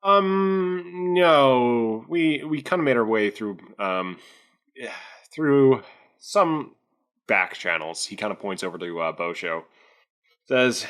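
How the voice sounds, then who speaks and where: A man's voice: mid-range voice, animated, takes it slowly, fairly bright tone. A man playing his character in a tabletop role-playing game, talking hesitantly with many fillers and restarts. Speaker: player.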